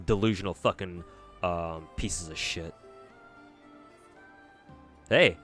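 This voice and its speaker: A man's voice: low voice, expressive, moderate pace, fairly bright tone, soft background music. A man streaming a game, chatting casually and reacting bluntly to viewer comments, with lots of swearing and filler words. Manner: blunt and profane, drawling with many fillers.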